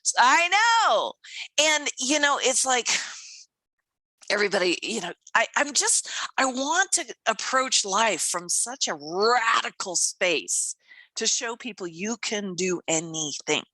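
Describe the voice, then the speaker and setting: A woman's voice: fairly high pitch, takes it slowly, no echo, low-quality recording. A woman in her fifties co-hosting a podcast, chatting casually and enthusiastically and laughing often. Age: 50s. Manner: animated and enthusiastic, laughs often, acts out quoted voices. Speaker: podcast co-host. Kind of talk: casual chat.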